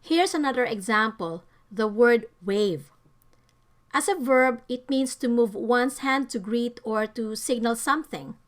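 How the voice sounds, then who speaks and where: A woman narrating a scripted English vocabulary lesson, giving careful, deliberate stress to each example word. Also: on the high side, expressive. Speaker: English teacher.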